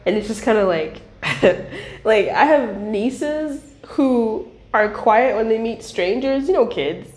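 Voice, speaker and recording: A woman giving a casual tarot reading, chatty and animated, swearing and laughing as she talks. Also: a little high, slow, roomy sound. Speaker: tarot reader.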